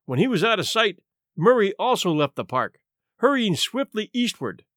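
Male narrator, animated theatrical reading, fairly high voice, dry close studio sound. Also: normal speed, no echo. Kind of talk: scripted narration.

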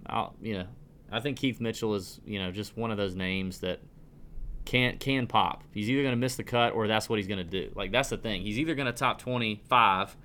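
A man's voice: on the low side, brisk, sharp tone, slight background noise. A man in his thirties hosting a casual podcast, ranting with lots of restarts and stumbles. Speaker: podcast host.

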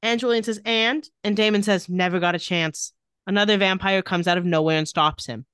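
A woman's voice: mid-range voice, a little fast, smooth, no room sound. A woman co-hosting a recap podcast in a casual chat, reading out scene dialogue with dry sarcasm. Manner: sarcastic, retells scenes by reading lines in a flat voice. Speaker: podcast co-host recapping a TV episode.

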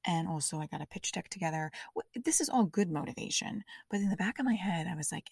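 A woman's voice: on the low side, lively intonation, fast, creaky, few pauses, a little mellow, breathy edge, dry recording, studio quality. A woman podcast host trying out new stand-up material, chatty and self-deprecating, rambling through restarts as she tells a story. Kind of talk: stand-up comedy trial on a podcast.

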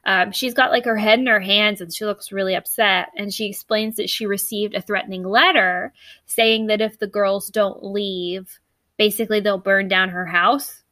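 A woman's voice: mid-range voice, fairly even intonation, normal speed, pushed and bright, dry recording. A woman co-hosting a podcast, retelling a mystery novel in a chatty, puzzled way with many restarts. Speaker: podcast co-host. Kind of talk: casual book discussion.

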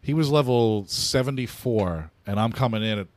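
Laid-back man, mid pitch, dry sound, boastful gaming stories. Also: moderate pace, no room sound. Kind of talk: casual gaming chat.

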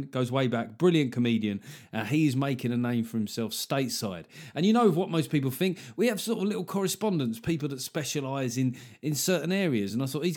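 A man's voice: medium pitch, darkish tone. A man hosting his own podcast, talking casually and jokily, rambling through asides and little acted-out bits. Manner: chatty, jokey, rambling with asides and acted-out quotes. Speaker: podcast host. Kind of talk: casual solo chat.

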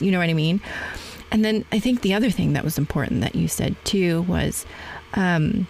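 A woman's voice: on the low side, moderate pace, vocal fry, a little hiss or hum, rough recording. A woman in her forties hosting a podcast interview, telling her own story and acting out past conversations. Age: 40s. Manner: animated storytelling, acts out past dialogue. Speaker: podcast host.

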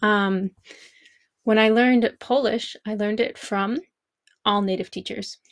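Woman podcast host, reflective solo chat, creaky gravelly voice, dry close sound. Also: mid-range voice, fairly even intonation, slow, dry recording. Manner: chatty, reflective, many fillers and restarts. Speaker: podcast host, language teacher.

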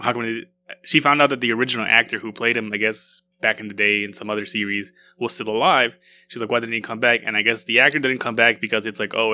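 A man's voice: on the low side, bright, forceful tone. A man co-hosting a podcast, chatting casually and rambling with many restarts. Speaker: podcast co-host. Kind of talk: casual chat.

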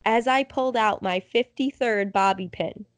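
A young woman co-hosts a casual sports chat, telling stories with animated energy and acting out what people said. Her voice sits at a middle pitch, and the recording is dry with no room sound. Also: moderate pace, no room sound. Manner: animated storyteller, acts out quotes. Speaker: podcast co-host.

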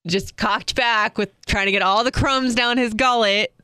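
A young woman, co-host of a podcast, telling a personal story candidly with many filler words and soft laughs. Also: a little high, fairly even intonation, moderate pace, smooth, no echo.

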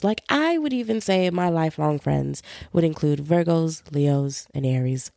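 Young female podcast host, solo chat. Gravelly, dark-toned, dry close sound. Slangy and animated. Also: low voice, moderate pace, few pauses, no echo. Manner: chatty, slangy, animated storytelling. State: feeling run-down.

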